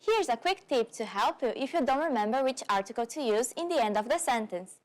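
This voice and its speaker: A woman presents a scripted beginner language lesson. Her voice sits high, and she speaks clearly and deliberately, slowing down for the example phrases. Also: animated. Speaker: language teacher.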